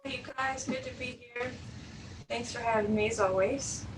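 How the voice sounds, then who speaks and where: A woman cellist introducing her pieces at an online open mic in an unhurried, hesitant way. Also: a little high. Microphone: video call. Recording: distant mic, faint background noise.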